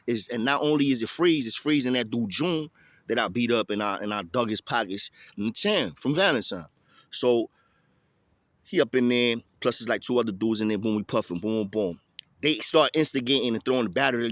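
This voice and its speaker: A man telling a story in casual street slang, lively and chatty. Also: mid-range voice, normal speed, dry recording. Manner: street slang, animated, tosses in "you feel me".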